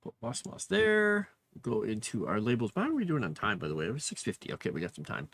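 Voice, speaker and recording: A man's voice: mid-range voice, huge pitch swings, quick pace, gravelly, a bit bright. A man casually chatting while building a fantasy map, muttering to himself and cooing at his cat. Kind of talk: casual livestream chat while working.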